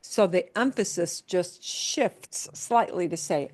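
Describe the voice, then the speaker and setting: A woman's voice: on the low side, slow, hardly any pauses, a little mellow. A woman teaching a language class, explaining patiently with examples and frequent check-ins. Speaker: Spanish teacher. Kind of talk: class lesson.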